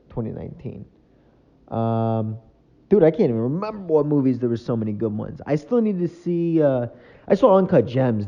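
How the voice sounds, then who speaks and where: A man's voice: lowish voice, lo-fi sound. A man hosting a solo podcast from his apartment, rambling and self-mocking and often losing his train of thought. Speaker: podcast host. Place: apartment room at home.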